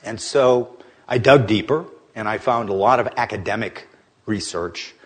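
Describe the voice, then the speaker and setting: A man giving an anecdotal talk on investing, animated and joking in a conversational way. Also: on the low side, moderate pace. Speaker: investment speaker.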